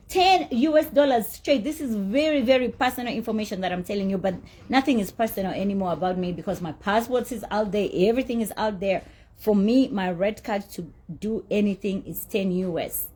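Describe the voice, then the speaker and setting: Her mid-range voice is a little mellow with a breathy edge. She's a middle-aged celebrity heatedly recounting a dispute over an appearance she wasn't paid for, and she's blunt, indignant and free with her swearing.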